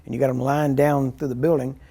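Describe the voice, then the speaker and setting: A man's voice: mid-range voice, little pitch movement, fairly quick, vocal fry, warm tone. A man teaching a ministry class in a loose, rambling, conversational way, acting out little scenes and chuckling as he goes. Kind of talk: informal teaching sermon.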